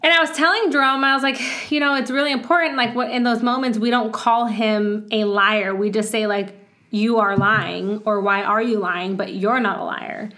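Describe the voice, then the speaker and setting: A woman's voice: a little high, fairly even intonation, normal speed, bright, forceful tone. A woman in her thirties in casual chat as a podcast co-host, talking with lots of "like" and acting out quoted voices. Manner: chatty, full of "like", acts out quoted voices.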